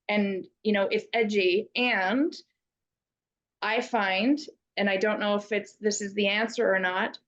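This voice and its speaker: Reflective woman educator, lo-fi audio. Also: medium pitch. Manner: thoughtful, many restarts, acts out example phrases. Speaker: youth educator. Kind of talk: casual conversational talk.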